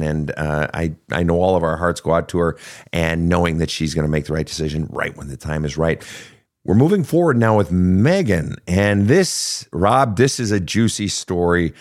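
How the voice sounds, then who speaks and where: Deep-voiced man hosting a counseling show. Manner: frank, earnest, profane at times. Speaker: counselor and podcast host. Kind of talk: counseling call-in talk.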